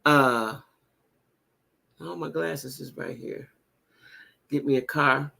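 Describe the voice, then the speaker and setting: A woman hosting a casual livestream chat, talking to her viewers in a blunt, animated and profane way, with repeated exclamations. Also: low voice, takes it slowly, gravelly. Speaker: livestream host reading viewer comments.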